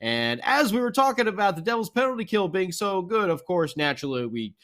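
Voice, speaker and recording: A man's voice: high voice, sing-song, a little fast, a bit bright. A man co-hosting a hockey recap podcast in an upbeat, rambling way with fillers. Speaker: podcast co-host. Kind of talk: casual hockey recap chat.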